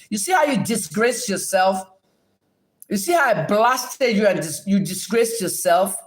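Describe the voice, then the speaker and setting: Hosting a livestream rant and Q&A, a middle-aged woman from Nigeria scolds her viewers combatively and profanely. Her voice is medium-pitched and expressive, at a normal speed.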